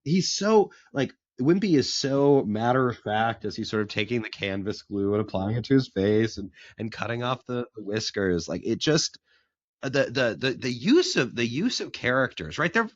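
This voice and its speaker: A man's voice: mid-range voice, sing-song, moderate pace, dry recording, muffled recording. A man co-hosting a casual chat about comics, enthusiastic and often restarting his sentences. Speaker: podcast co-host.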